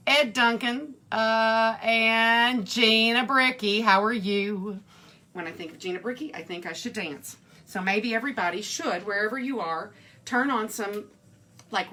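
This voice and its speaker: A woman's voice: mid-range voice, pushed and bright. Earnest, chatty woman cooking at home. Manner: earnest, chatty, greets viewers by name. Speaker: cooking show host. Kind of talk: live-streamed cooking chat. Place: home kitchen.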